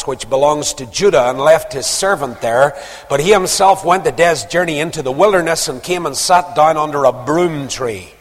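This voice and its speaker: A man preaching a sermon, reading verses aloud and stopping for quiet, conversational comments. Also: on the high side. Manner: reads verses aloud, then drops into quiet conversational asides. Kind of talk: sermon, reading scripture with asides. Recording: long reverb of a large hall.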